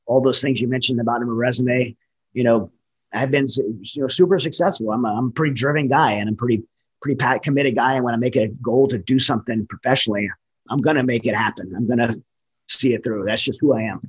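A man with a husky, slightly rough voice talks quickly and earnestly, sharing his own story in conversation. He is candid and direct, often doubling back to restart a phrase as he goes. His pitch sits in an ordinary middle range for a man. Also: poor audio. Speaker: military veteran guest. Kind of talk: personal testimony in a conversation.

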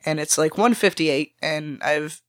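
A woman on a podcast as a guest, telling workplace stories in a casual, animated way, swearing freely and acting out the people she quotes. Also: sits low, a little slow, no room sound, clean studio sound. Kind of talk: casual storytelling chat.

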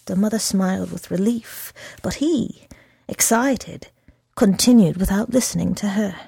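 A woman reads a story aloud at an unhurried, measured pace, shaping each phrase expressively. Her voice carries a gravelly texture, and the recording is dry and close with no room sound. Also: medium pitch, mellow, dry recording. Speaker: reader.

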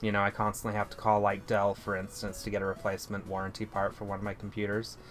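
A man's voice: on the low side, completely flat delivery, quick pace, faint music behind. A man co-hosting a casual gaming podcast, telling stories with a dry, joking manner. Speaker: podcast co-host.

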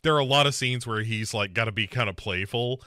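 A man hosting a casual movie podcast, his voice bright and forward. He rambles and restarts, padding his talk with fillers. The sound is dry and close, with no room around it. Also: medium pitch, fast, no room sound. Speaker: podcast host.

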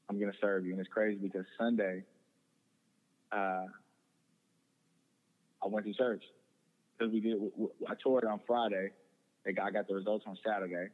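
A young male guest gives a personal testimony in conversation, earnestly telling his story while often repeating words and starting over. His lowish voice is steady and moderately paced with frequent pauses, and the audio is tinny and phone-like with long reverb.

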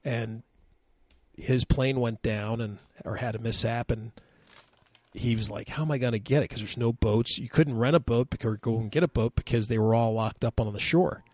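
A man's voice: mid-range voice, moderate pace, dry recording. A man telling a funny flying story in casual chat, acting out the people in it. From Alaska. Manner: animated storyteller, acting out quotes in raised voices.

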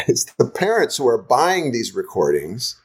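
A man's voice: medium pitch, wildly swooping pitch, measured pace, slightly rough. Chatty older male storyteller. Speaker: guest songwriter. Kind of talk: casual interview storytelling.

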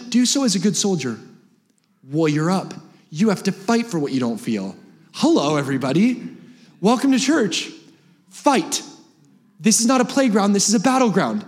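Energetic high-voiced young male preacher. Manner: animated, humorous, rapid-fire with sudden high-pitched exclamations. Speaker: guest preacher. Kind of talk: energetic sermon. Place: church sanctuary.

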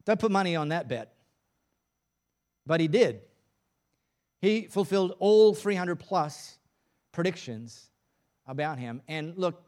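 A man's voice: on the high side, darkish tone. A male pastor preaching a sermon at a church service in a casual, joking, conversational way.

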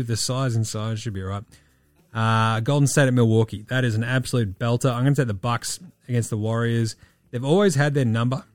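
A man hosting a podcast in casual sports chat, breezy and profane as he rattles off quick-fire picks. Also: mid-range voice, darkish tone, dry recording. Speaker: podcast host.

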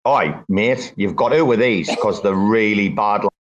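A man's voice: on the low side, normal speed, dull audio. A man chatting casually on an online voice call, blunt and matey, swearing freely between fillers. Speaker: participant in an online audio chat room. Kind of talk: casual chat.

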